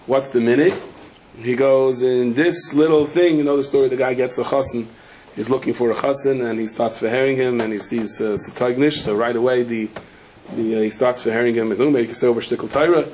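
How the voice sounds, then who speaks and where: A man's voice: mid-range voice, brisk, slight background noise. A male rabbi with a Yeshivish accent giving a Torah lecture, telling a story and acting out the voices in it. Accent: Yeshivish English with Yiddish and Hebrew words. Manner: animated storyteller, acts out quotes in raised voices.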